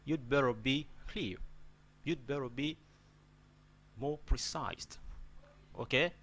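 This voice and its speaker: A man's voice: medium pitch, slow pace, a bit bright, slightly rough. A man teaching an English pronunciation lesson, repeating words and checking in with "okay?" after nearly every point.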